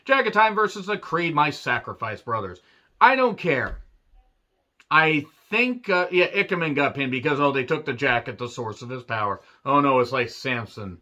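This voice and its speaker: A man's voice: mid-range voice, expressive, moderate pace, sharp tone. A man reviewing a wrestling show in a profane, sarcastic rant. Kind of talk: ranting review vlog.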